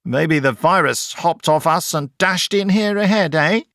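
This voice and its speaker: A man's voice: on the high side, measured pace, fairly bright tone, dry recording, studio quality, pitched above the performer's own voice. A man voicing a jaunty young male naval doctor in an audiobook, wry and light. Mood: sarcastic.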